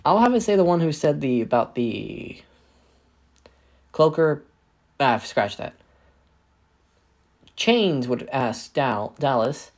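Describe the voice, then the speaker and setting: A man's voice: mid-range voice, big pitch swings, takes it slowly, long pauses. A man casually improvising a fan fiction story, often correcting himself as he goes. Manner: rambling, self-correcting. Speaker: fanfic storyteller.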